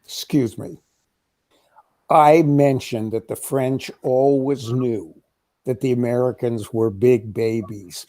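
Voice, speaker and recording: A man in a casual political chat, talking in a wry, measured, sardonic way. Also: medium pitch, fairly even intonation, mellow. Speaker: co-host.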